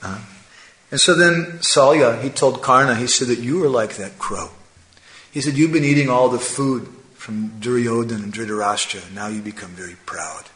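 A man telling a moral fable as part of a religious talk, animated, with frequent tag questions and chuckling asides. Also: medium pitch, moderate pace. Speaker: religious storyteller. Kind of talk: sermon storytelling. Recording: echoey room.

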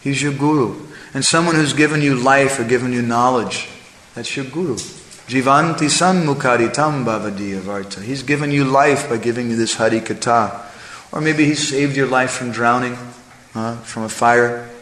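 A man's voice: moderate pace, fairly bright tone. A man giving a devotional lecture, explaining scripture and asking "right?" and "huh?" along the way. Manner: chants verses in a higher, singing voice. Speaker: spiritual teacher. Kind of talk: devotional lecture with Sanskrit and Bengali verses. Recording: echoey hall with faint ambience.

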